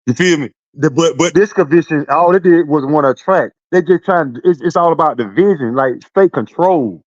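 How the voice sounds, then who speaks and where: A man in a casual podcast chat, laughing often and chiming in with quick agreement. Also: a little high, no room sound, highs cut off.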